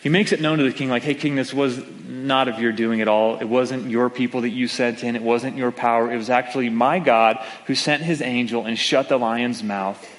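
A man preaching from a pulpit, telling his story and the scripture in an easy, conversational way. His voice sits at an ordinary middle pitch. A long reverb trails after his words in a large church hall. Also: steady tone, normal speed, few pauses. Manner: conversational storytelling with acted-out quotes. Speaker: pastor. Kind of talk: sermon.

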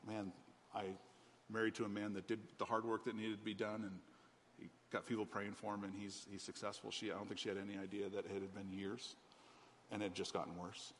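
A man's voice: fairly low pitch, flat delivery, a little fast, a little hiss or hum. A middle-aged man, a pastor, telling a personal testimony in a sermon, talking candidly and conversationally with many ums. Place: church auditorium. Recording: church hall reverb, faint ambience.

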